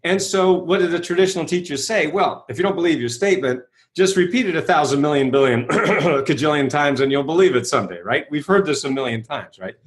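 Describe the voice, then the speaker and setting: A man's voice: on the high side, animated, brisk, hardly any pauses. A man being interviewed as a guest speaker, telling his story energetically, acting out quoted voices and often asking "right?".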